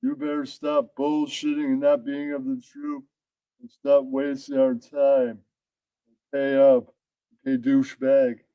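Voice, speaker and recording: A man's voice: medium pitch, monotone, takes it slowly, no room sound, muffled recording, natural voice. A man doing a crude, threatening mob enforcer. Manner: profane, bullying, insulting.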